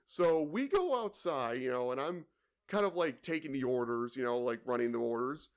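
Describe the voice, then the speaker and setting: A man's voice: mid-range voice, lively intonation, moderate pace. A young man co-hosting a podcast, telling a work story in a rambling way, full of "you know" and "like". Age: young adult. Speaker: podcast co-host. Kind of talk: casual chat, telling work stories.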